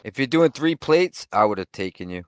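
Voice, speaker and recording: A man's voice: medium pitch, very animated, brisk, clear, resonant tone, dry recording. A man talking bluntly and swearing in a casual chat on a voice call. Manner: crude, blunt, swears freely.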